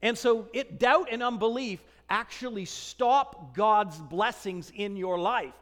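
High-voiced preacher in a reverberant hall. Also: male voice, slow. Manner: animated preaching, acting out scripture dialogue. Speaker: pastor. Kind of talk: sermon.

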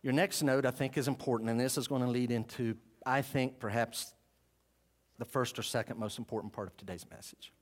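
A man preaching a sermon, switching between emphatic preaching and low, contemplative asides. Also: fairly even intonation, brisk. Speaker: pastor.

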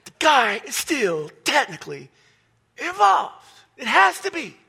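A man preaching a sermon to his church congregation in a folksy, joking way, with animated delivery. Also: very high voice, a little slow, vocal fry. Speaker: pastor.

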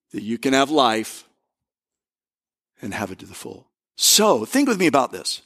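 Man preaching with emphatic pauses. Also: medium pitch, fairly bright tone. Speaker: pastor. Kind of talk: sermon.

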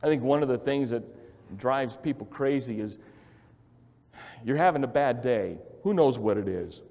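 A male pastor preaching a sermon in an emphatic, repetitive way, swinging from quiet to loud. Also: medium pitch, expressive, normal speed. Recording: long hall reverb.

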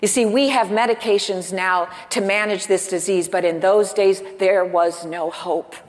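A woman's voice: medium pitch, fairly even intonation, moderate pace, in a large hall. A woman pastor preaching a sermon with earnest emphasis, asking the congregation rhetorical questions. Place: church.

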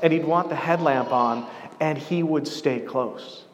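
A man with a fairly high voice preaches a sermon in a storytelling way, coming back to the same phrase again and again for weight. His voice rings out with a long reverb, as in a big church hall. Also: unhurried, a little hiss or hum. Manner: storytelling, repeats key phrases for emphasis. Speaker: pastor.

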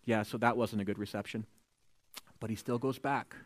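A man preaching a sermon, retelling scripture with lively storytelling, acting out the quoted voices and adding joking asides. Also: fairly low pitch, moderate pace, no echo. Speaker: pastor.

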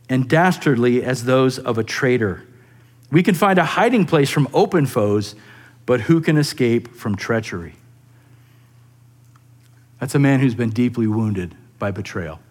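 A man preaching a sermon on a psalm, earnest and rising into animated emphasis, often repeating words as he goes. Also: mid-range voice, a little slow. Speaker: pastor.

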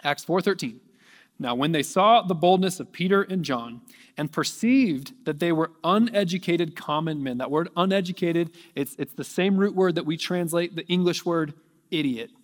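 A man preaching a sermon, reading scripture aloud and rising to near shouting at its peaks. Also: on the high side, normal speed, long reverb tail. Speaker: pastor.

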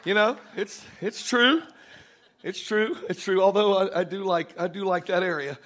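Middle-aged male preacher, bright ringing tone, lively storytelling sermon delivery. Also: sits high, normal speed. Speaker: pastor.

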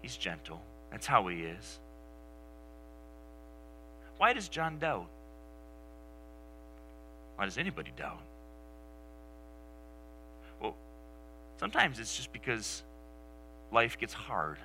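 A male pastor preaching a sermon, telling the story with animation and dropping to soft, near-whispered lines for emphasis. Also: fairly low pitch, wildly swooping pitch, slow pace, pauses often, faint music behind, rough recording.

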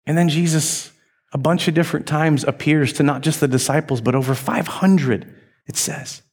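In a sermon, a male pastor retells a story in a lively, conversational way. His voice is a little high, and he speaks at normal speed.

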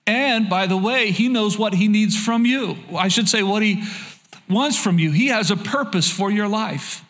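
A male pastor delivers a sermon in a fairly high voice. He talks earnestly and conversationally, often restarting and repeating words as he reads and explains scripture. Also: moderate pace, a bit bright.

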